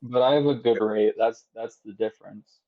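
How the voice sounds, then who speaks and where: A young man co-hosting a podcast, chatting casually, animated and quick to laugh. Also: lowish voice, narrow, tinny audio. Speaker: podcast co-host. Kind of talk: casual chat.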